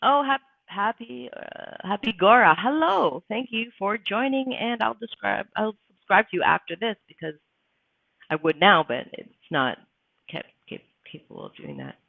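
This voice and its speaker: A woman's voice: medium pitch, expressive, moderate pace, gravelly, no room sound. A woman hosts a casual live stream, blunt and emphatic, swearing freely as she makes her points. Her voice comes through thin and phone-like. The sound is dry, with no room around it. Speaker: livestream host.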